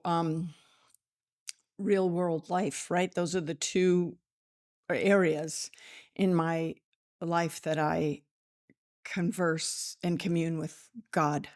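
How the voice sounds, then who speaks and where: A woman's voice: lowish voice, darkish tone. A woman hosting a spiritual podcast from a small office studio, chatty and emotional, laughing often and close to tears. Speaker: podcast host. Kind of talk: casual spiritual podcast talk.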